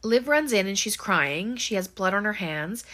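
A woman's voice: medium pitch, expressive, normal speed, a bit bright. A woman giving a casual, chatty spoken recap of a film, full of "um" and "like", who briefly acts out the characters' lines.

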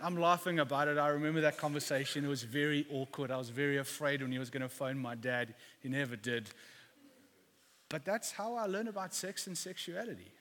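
A man's voice: fairly high pitch, a little fast, a bit bright. A middle-aged man preaching a sermon as a pastor, speaking candidly and confessionally, often restarting his sentences and asking his listeners rhetorical questions. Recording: long hall reverb.

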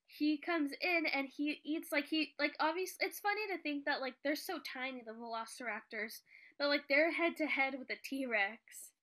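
A woman's voice: sits high, normal speed, sharp tone. A woman chatting casually about a movie, recapping scenes with lots of filler words.

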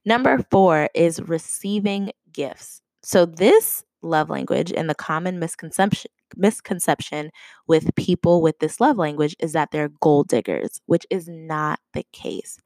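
A woman's voice: deep voice, a little slow, a little mellow, dry recording. A young woman hosting a podcast, talking chattily in a casual, conversational way and laughing often. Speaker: podcast host. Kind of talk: casual solo podcast talk.

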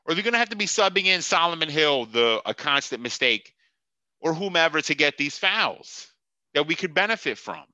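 A man's voice: fairly high pitch, very animated, moderate pace, bright, forceful tone, no room sound, muffled recording. A man hosting a sports podcast, ranting with profanity and sarcasm and laughing at his own jokes. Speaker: podcast host. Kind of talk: heated sports podcast rant.

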